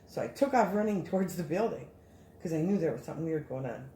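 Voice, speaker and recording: A woman's voice: sits low, fast talker, echoey room, a little hiss or hum. Woman telling a rambling story. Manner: animated, rambling, many restarts. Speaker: guest storyteller. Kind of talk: casual storytelling.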